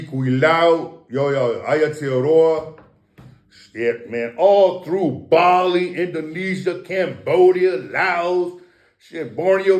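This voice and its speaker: A man of Samoan heritage speaks in a loose, rambling monologue, his voice a little higher than most men's. He swears constantly and lectures the listener, stumbling over and repeating his words. The room around him is echoey. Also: darkish tone. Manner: profane, preachy, repeats and restarts words. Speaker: guest. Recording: roomy echo.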